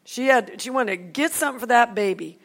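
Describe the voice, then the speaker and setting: Woman pastor, higher voice, animated testimony storyteller with lots of restarts and acted-out quotes. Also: a little fast, creaky.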